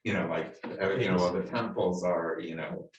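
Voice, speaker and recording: A man in a class, speaking haltingly and tentatively as he searches for words. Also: sits low, lo-fi sound. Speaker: student. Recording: roomy, distant, faint noise.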